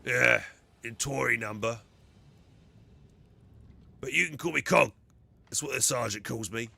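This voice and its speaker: A man voicing a hulking, dim-witted male ogryn soldier, speaking slowly and simply while reading game dialogue aloud. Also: medium pitch, creaky, bright, forceful tone, breathy edge, exaggerated voice. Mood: plodding. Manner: slow, simple, stubborn speech.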